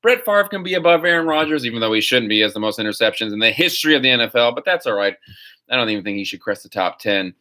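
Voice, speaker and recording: Animated bright-voiced man ranting on a live stream. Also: medium pitch, fast talker. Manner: rambling, opinionated and animated. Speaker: host. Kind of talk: live-stream chat answering viewer questions.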